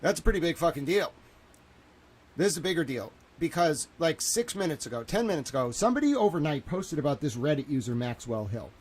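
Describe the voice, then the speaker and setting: A man in his thirties runs a livestream, his fairly high voice swinging widely in pitch at a normal pace. Panicked and cursing, he exclaims and repeats himself while addressing his viewers in an agitated monologue.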